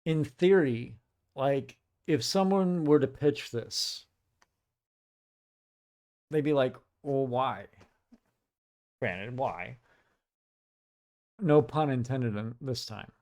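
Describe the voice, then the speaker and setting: A man giving casual commentary while reacting to music, musing and excitable, with many filler "like"s. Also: medium pitch, slow, long pauses. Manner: musing, excitable, says "like" often.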